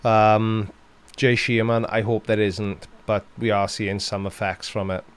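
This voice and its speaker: A man's voice: on the low side, level tone, measured pace, clear, resonant tone. A man with a Welsh accent hosting a casual live-stream Q&A, reading out chat questions and answering with dry, sarcastic humour.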